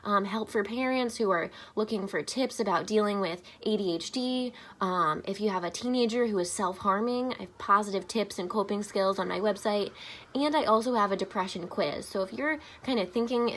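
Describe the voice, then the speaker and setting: A woman's voice: medium pitch, moderate pace. A woman family therapist, speaking upbeat and informally to parents, with frequent "um" fillers. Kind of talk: informational talk to camera.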